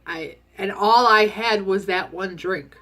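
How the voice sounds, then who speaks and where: A woman's voice: medium pitch, slow, fairly bright tone. A woman vlogging a casual, candid diet update from home, chatty and full of ums. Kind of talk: casual chat.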